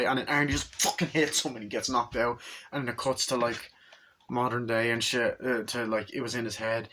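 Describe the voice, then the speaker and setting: A young man with a bright, forward voice chats through a movie review. He rambles and swears as he retells the scenes, and he jumps into quick impressions of the lines. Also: medium pitch, fairly even intonation. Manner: rambling, profane retelling of scenes, acting out quotes. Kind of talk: casual movie review chat.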